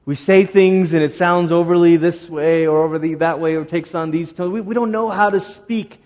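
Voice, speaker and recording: A middle-aged man preaching a sermon as a pastor, lively and conversational, now and then acting out the voices of people in the story. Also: fairly high pitch, normal speed. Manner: animated, acts out voices of Moses and God. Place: church sanctuary. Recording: long reverb of a church hall.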